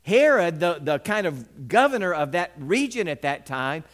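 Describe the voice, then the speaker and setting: Animated male preacher. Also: a little high, moderate pace. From Mississippi, US. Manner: animated storyteller who acts out scenes with sound effects. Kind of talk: sermon with personal storytelling.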